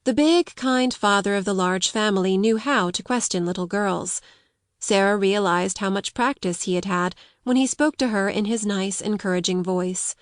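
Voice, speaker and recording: A woman narrating an audiobook of a classic novel in a measured, clear storytelling manner. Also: medium pitch, no room sound, studio quality. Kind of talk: scripted narration.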